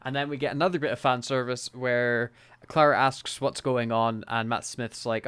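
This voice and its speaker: A man's voice: mid-range voice, little pitch movement, moderate pace, a bit bright, clear, resonant tone, no room sound. Chatty man recapping, dry sound. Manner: laughs often, quotes characters in put-on voices. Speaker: podcast co-host. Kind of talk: casual chat recapping an episode.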